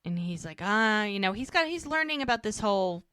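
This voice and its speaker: Speaking fast in a mid-range voice with a clean tone, an American woman co-hosts a podcast and chats her way through an episode recap. She rambles and quotes characters in lively voices, and the studio recording is clean with no echo.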